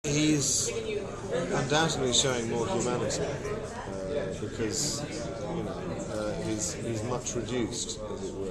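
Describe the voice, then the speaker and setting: A man's voice: medium pitch, fairly even intonation, measured pace. A man being interviewed as an actor, talking casually with many restarts and fillers. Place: busy convention hall. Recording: crowded hall noise behind. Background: loud crowd chatter.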